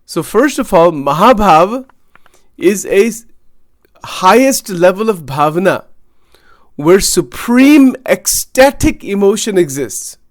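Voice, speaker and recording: A man teaching a devotional spiritual discourse, speaking slowly and deliberately, often repeating and rephrasing words as he works through ideas. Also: high-pitched, very animated, no room sound, studio quality. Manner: slow, searching, repeats phrases and restarts while explaining.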